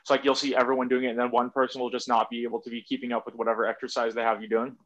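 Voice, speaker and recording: A man's voice: mid-range voice, flat delivery, racing. Guy rambling thru stories, lots of "like", cusses casually, kinda muffled recording. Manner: loose, rambling storytelling with lots of "like" and casual swearing. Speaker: guest. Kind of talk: casual conversation. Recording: slightly muffled audio.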